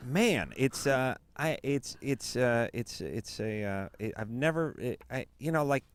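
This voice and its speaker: A man hosting a late-night call-in radio show, talking in a rambling, halting way full of fillers and restarts. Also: medium pitch, expressive, clear, resonant tone.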